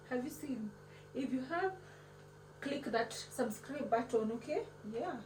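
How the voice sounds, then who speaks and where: Chatty woman with a higher voice. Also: animated, unhurried. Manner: chatty and playful, mixing in Swahili words. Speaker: cooking vlog host. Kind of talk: casual cooking vlog. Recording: echoey room, mic at a distance, background noise.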